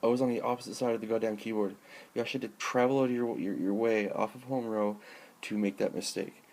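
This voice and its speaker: A man's voice: on the low side, fairly even intonation, fast talker, a little mellow. A man filming himself at home with a handheld camera, ranting in an exasperated, sarcastic, profane way during an unboxing. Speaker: vlogger. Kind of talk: rambling unboxing rant.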